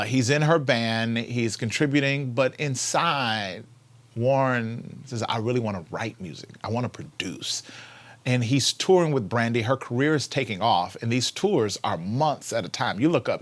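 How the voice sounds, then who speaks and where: A man hosting a casual inspirational talk. He repeats key phrases for emphasis and swings from loud, lively emphasis to hushed whispers. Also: mid-range voice. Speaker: host.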